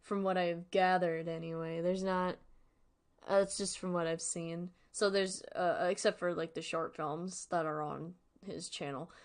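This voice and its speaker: A woman's voice: fairly low pitch, steady tone, unhurried. A woman streaming a casual, joking, rambling reaction to a horror series. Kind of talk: casual livestream commentary.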